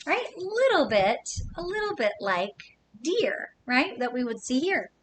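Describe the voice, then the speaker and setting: A woman reads a children's picture book aloud, slow and unhurried. Her voice sits fairly high and swoops up and down with lively expression. She keeps turning to the children with playful questions. A faint low rumble sits under the recording. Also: low-quality recording. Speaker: children's story reader.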